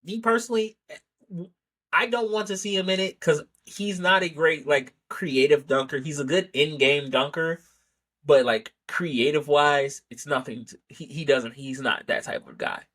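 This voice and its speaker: A man's voice: on the high side, steady tone, normal speed, a bit bright. A man hosting a sports podcast, giving a casual, rambling opinion monologue full of self-corrections and rhetorical "right?" asides. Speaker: podcast host.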